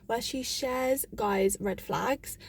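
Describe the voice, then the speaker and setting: A woman's voice: on the high side, takes it slowly, gravelly, slight background noise. A woman book vlogger talking in a casual, chatty and rambling way, with frequent "like", into a phone she holds. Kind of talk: casual vlog chat.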